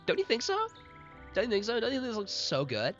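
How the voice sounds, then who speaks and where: A man's voice: sits high, wildly swooping pitch, quick pace, fairly bright tone, pitched above the performer's own voice, full character voice. A man voicing a flirty, gushing female swamp otter who keeps fishing for praise, in a lo-fi recording with faint music behind.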